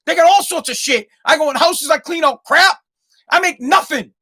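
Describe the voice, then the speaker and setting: A man's voice: extremely high pitch, moderate pace, pushed and bright. A man hosting a solo podcast, ranting heatedly and swearing constantly. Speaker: podcast host. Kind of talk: profane solo podcast rant.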